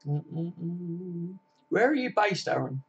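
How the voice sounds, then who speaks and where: This is a man in his late twenties from Kent with a voice pitched a little high, chatting on a live stream. He is laid-back and matey, and he answers his viewers by name with plenty of casual swearing. The recording is dull and lo-fi. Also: very animated, slow, creaky, husky. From Kent, England. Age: 20s. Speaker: football fan live streamer.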